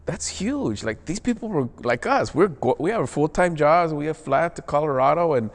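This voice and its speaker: A theater performer being interviewed talks casually, earnestly and reflectively, often addressing the listener as "man." His voice is a little high with lively intonation and normal speed, and there's a long reverb tail.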